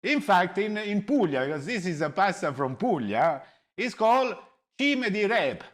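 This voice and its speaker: A middle-aged Italian man from Italy hosts a cooking show in his home kitchen, his voice high-pitched and sing-song at a normal speed. He chats animatedly and casually about cooking in Italian-accented English peppered with Italian words.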